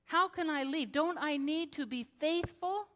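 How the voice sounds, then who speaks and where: A woman's voice: high voice, measured pace, a bit bright, slight background noise, voice pushed up. A woman pastor voicing a frightened, trapped young woman who asks anxious, pleading questions. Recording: long hall reverb.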